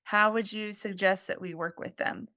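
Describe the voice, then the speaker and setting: Smooth-voiced woman hosting a podcast. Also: medium pitch, steady tone, moderate pace, sharp tone, no echo, studio quality. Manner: enthusiastic, rambling questions. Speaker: podcast host. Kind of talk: casual interview conversation.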